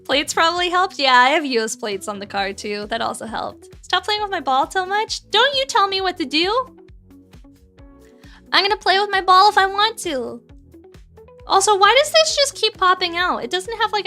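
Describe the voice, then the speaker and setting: A playful, giggly woman chats on a livestream while she puts together a model kit. Her voice is very high and bright. Faint music plays behind her. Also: sing-song, normal speed. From Canada. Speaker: streamer.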